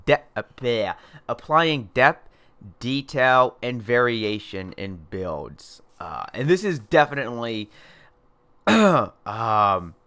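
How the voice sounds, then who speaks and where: A chatty young man narrates his own gameplay in a loose, rambling way. He talks at an unhurried, drawn-out pace, and his voice comes through smooth and clear. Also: mid-range voice, very animated, a bit bright. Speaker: host. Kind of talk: casual gameplay commentary.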